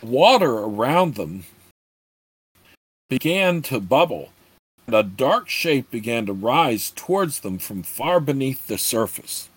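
A man's voice: medium pitch, sing-song, takes it slowly, husky, dry recording. A man reading a fantasy novel aloud in a hesitant way, often stumbling and restarting words. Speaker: narrator.

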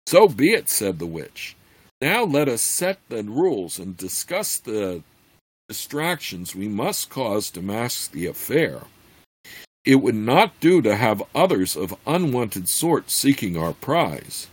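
A man's voice: lowish voice, sing-song, slightly rough, no room sound, heavily acted. Man reading as a scheming, proud witch. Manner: measured, formal speech.

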